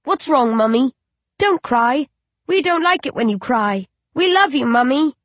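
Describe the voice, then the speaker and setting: A high, chirpy little voice for an eerie mutant baby, sweet and innocent in a storybook reading, as a woman puts it on. The sound is dry and close, with no room around it. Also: animated, a little slow, dry recording. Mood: pleading. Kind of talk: audiobook character voice.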